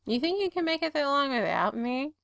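A wistful grown man from a read-aloud story, sheepish and a little teasing, as a woman reads him. The voice is slightly gravelly and sounds close and dry. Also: very high voice, lively intonation, normal speed, sharp tone, no room sound, heavily acted.

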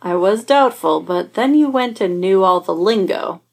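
A woman's voice: medium pitch, steady tone, unhurried. A woman reading a fan story and voicing a man who speaks dryly and with few words. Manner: dry, understated. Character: dry, laconic male archer. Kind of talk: fan fiction audiobook reading.

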